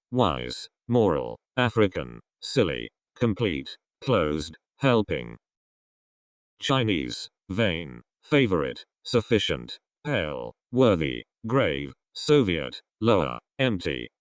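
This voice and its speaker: A man slowly reading an English vocabulary list, one word at a time with pauses. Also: low-pitched, dry recording, studio quality. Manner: slow, isolated words with pauses. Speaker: vocabulary reader.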